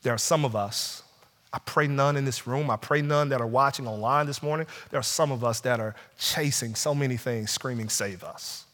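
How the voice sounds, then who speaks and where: A man preaching a sermon, rising to loud urgent pleas and dropping to slow, hushed passages. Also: medium pitch. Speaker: pastor. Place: church sanctuary. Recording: long hall reverb.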